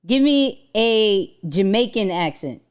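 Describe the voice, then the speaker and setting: A woman hosting a casual livestream, talking in an animated, slangy way and laughing often. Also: medium pitch, slow, clear, resonant tone. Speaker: livestream host.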